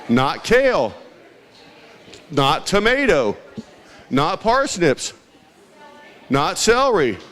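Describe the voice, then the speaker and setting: A man's voice: fairly high pitch, fairly bright tone. Playful man hosting a crowd quiz. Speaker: event emcee. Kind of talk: trivia quiz hosting at a community event. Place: large indoor hall with a crowd.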